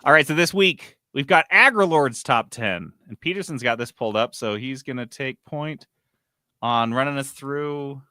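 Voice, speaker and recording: A man co-hosting a gaming podcast in casual chat, animated and swearing freely as he tells stories. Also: mid-range voice, normal speed, no echo, studio quality. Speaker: podcast co-host.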